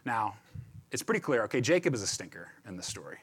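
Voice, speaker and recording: A man's voice: on the low side, sing-song, quick pace, fairly bright tone, husky. A man giving a chatty, conversational sermon as a pastor, often repeating words and checking in with "right?".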